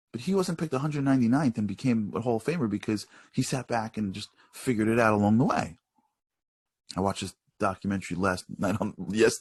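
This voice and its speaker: A man with a husky, slightly breathy voice preaches in an animated, conversational way, telling stories to his congregation. His voice sits at a middle pitch, and the recording is close and dry. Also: dry recording. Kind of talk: sermon.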